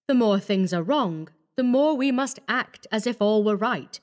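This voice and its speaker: A woman voicing a cold, scheming young male doctor who talks calmly and menacingly. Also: on the high side, unhurried. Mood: coaxing. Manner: calm, coaxing, menacing.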